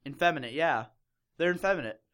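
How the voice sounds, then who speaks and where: A man's voice: on the high side, lively intonation, quick pace, fairly bright tone. A young man reading a fan fiction aloud in a casual comedic chat, mocking it and laughing often. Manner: mocking, laughs often, puts on silly voices for quotes.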